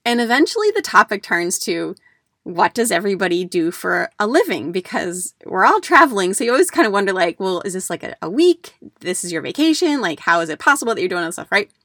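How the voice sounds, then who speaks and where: A middle-aged woman from the United States hosts a podcast and chats about her work as a declutter coach. She tells stories in a relaxed way, with plenty of fillers and restarts. Her voice sits in a middle pitch, and it is recorded close and dry. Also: a little fast, no room sound. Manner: chatty storyteller with many fillers and restarts. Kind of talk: casual podcast talk.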